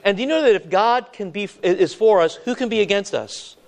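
A man with a high voice preaches a sermon in an earnest, conversational way. He often repeats and restarts his words and throws questions out to the congregation. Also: lively intonation, a little fast, gravelly.

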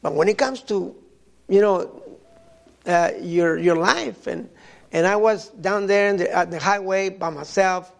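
An older man from Mexico preaching a sermon, telling personal stories in a halting way and often repeating his words. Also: sits high, vocal fry.

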